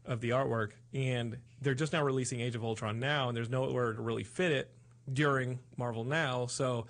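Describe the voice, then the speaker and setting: Man, podcast host, gravelly voice, rambling, excitable, casual chat. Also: mid-range voice, normal speed.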